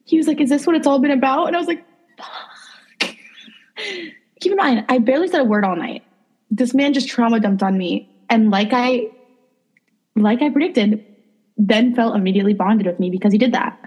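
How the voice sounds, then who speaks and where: A young woman co-hosting a podcast, telling dating stories in a casual, animated way, acting out quotes and saying "like" a lot. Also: fairly high pitch, a little fast, husky. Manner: animated, acts out quotes, lots of "like". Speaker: podcast co-host. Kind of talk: casual storytelling chat.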